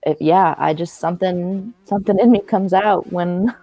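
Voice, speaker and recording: A woman's voice: fairly low pitch, normal speed, dark tone, dry recording, poor audio. A woman from New York co-hosting a casual livestream, teasing and laughing easily. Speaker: co-host.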